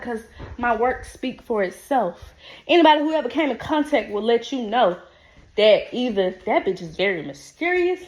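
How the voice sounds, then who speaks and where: A brash woman who talks in a loud, sassy, profane stream. Her voice sits a little high, and she hammers each point home with emphatic repeats. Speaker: podcast host. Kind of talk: unscripted motivational monologue.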